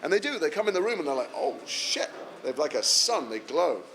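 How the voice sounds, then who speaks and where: An English man, an actor answering fan questions at a convention panel, telling animated, self-deprecating stories. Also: a little high, quick pace, a little hiss or hum. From England. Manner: animated anecdotal storytelling, self-deprecating humour.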